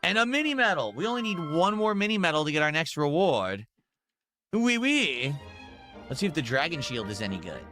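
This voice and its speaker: Brief: high, animated male streamer talking over loud game music, playing with a mock French accent. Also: fast, hardly any pauses. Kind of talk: casual gameplay commentary.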